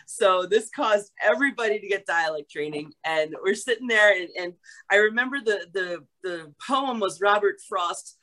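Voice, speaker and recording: Woman guest from New York, bright tone, animated storyteller, casual interview chat. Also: mid-range voice, normal speed, poor audio. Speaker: guest, actress.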